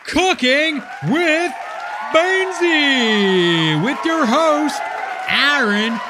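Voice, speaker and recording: A man voicing a booming showbiz announcer who draws out and shouts a show introduction. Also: animated, drawn-out words, a loud crowd, heavy background noise, heavily acted. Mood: grand. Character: booming game-show style male announcer.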